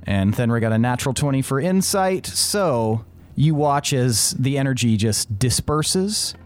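A man's voice: medium pitch, lively intonation, a little slow, soft background music. A man narrating as game master in a tabletop game, loosely and with lots of "like" and restarts. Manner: loose narration full of "like" and restarts, laughing along.

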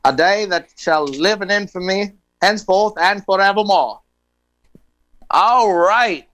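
A man's voice: high-pitched, measured pace, a bit bright, poor audio. A man co-hosting a radio show, presenting a history segment in a loose, laughing, joking way. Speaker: radio co-host. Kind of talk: casual radio banter.

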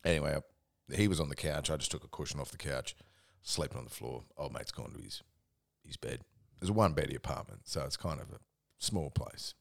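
A man's voice: rumbling low, fairly quick, gravelly. A young Australian man telling a rambling, sweary story on a casual podcast, laughing as he goes. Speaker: podcast co-host.

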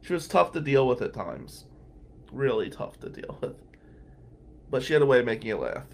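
A man's voice: mid-range voice, very animated, normal speed, gravelly, a little hiss or hum. A man telling a candid, wry personal story as a podcast host, laughing now and then between lines. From New Jersey.

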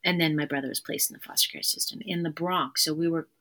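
A woman therapist speaks as a guest on an interview podcast, with a voice that sits a little low. She talks earnestly and with emphasis, often repeating her key phrases. Her manner is conversational. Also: steady tone, fast, fairly bright tone.

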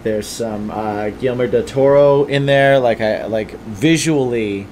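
A man co-hosts a casual podcast, chatting loosely, stringing thoughts together with plenty of likes and ums. His voice sits at an ordinary middle pitch, and a faint hum runs behind it. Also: measured pace, darkish tone. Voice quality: loose, chatty, lots of fillers. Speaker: podcast co-host.

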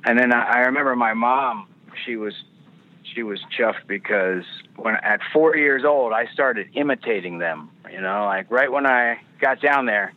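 A man's voice: on the low side, a little hiss or hum. A male actor telling loose, rambling stories in a casual interview, full of restarts and the odd swear word. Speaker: actor guest. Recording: phone-line quality audio.

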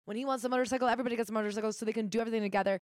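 A woman co-hosting a casual podcast, retelling a memoir in a quick, chatty way with casual swearing. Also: fairly high pitch, steady tone, dry recording, clean studio sound. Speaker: podcast co-host.

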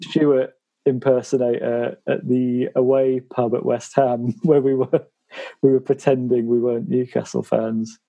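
A man's voice: medium pitch, little pitch movement, a little slow, mellow. A man co-hosting a casual football podcast, telling anecdotes with frequent laughter. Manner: laughs through his anecdotes. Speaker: podcast co-host.

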